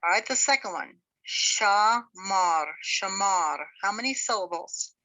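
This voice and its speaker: In a rough recording, a woman teaching Hebrew to beginners breaks words into syllables patiently. Her mid-range voice is fast, pushed and bright.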